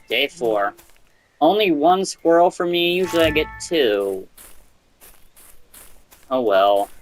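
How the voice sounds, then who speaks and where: A man's voice: a little high, takes it slowly, long pauses, faint music behind. A man giving casual gameplay commentary, swearing and yelping when he panics. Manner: excitable, swears, yelps in panic. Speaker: gameplay streamer.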